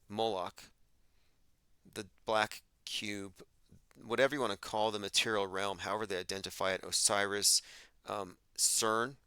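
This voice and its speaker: A man's voice: fairly low pitch, sharp tone, clean tone, no room sound. A man hosting a livestream, delivering an emphatic, argumentative monologue and reading out chat comments. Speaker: podcast host.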